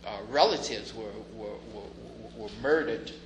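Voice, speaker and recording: Speaking somewhat slowly in a fairly low voice, this pastor preaches conversationally and sometimes lands on emphatic stresses. It was recorded in an echoey room with a little noise.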